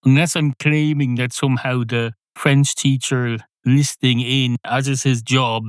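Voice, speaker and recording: A man's voice: mid-range voice, no echo, clean studio sound. A middle-aged man hosting a podcast, delivering a digressive, sardonic comic monologue that wanders off and corrects itself. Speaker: podcast host.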